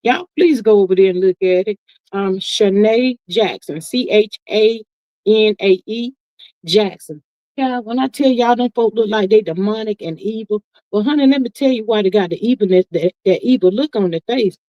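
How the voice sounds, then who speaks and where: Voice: medium pitch, normal speed, no echo. Sassy gossip-stream host, dull dry audio. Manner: sassy, folksy, peppered with "honey" and "child". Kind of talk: casual live-stream commentary, reading viewer comments.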